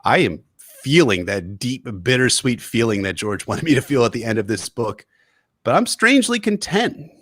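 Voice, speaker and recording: A man's voice: medium pitch, big pitch swings, moderate pace, no echo. A man in his young adult years, co-hosting a podcast and reading a chapter synopsis with earnest, emotional delivery. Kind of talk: book synopsis reading and chat.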